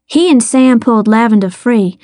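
A woman's voice: a little high, moderate pace, mellow, no room sound, studio quality. A woman narrating a first-person story in a vivid audiobook reading.

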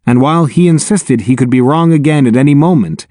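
A man narrating a children's novel in the first person, wry and lively. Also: medium pitch, fairly quick, no room sound, studio quality. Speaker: audiobook narrator.

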